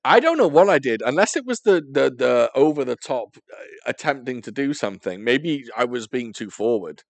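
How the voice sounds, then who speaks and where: A man's voice: medium pitch, expressive, normal speed, vocal fry, no room sound. A young man co-hosting a podcast, telling a story in a casual, self-mocking way, laughing often and swearing freely. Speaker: podcast co-host.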